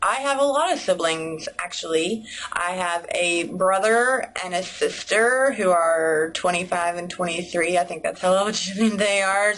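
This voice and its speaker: A woman's voice: mid-range voice, fairly bright tone, poor audio. A young woman, chatting casually to camera in a bubbly, rambling way. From United States. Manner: bubbly, rambling, heavy use of "like". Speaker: vlogger.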